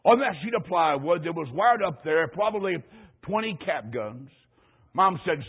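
High, husky male preacher, folksy storyteller, phone-thin radio sound. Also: animated, moderate pace. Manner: folksy storytelling, emphatic rising lines. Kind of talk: sermon with personal story. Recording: tinny phone-like radio broadcast.

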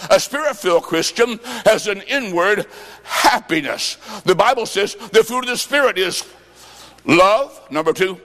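A man preaching a revival sermon with folksy stories, impassioned and shouting at the peaks. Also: high-pitched, animated, unhurried. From Illinois. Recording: echoey hall with long reverb.

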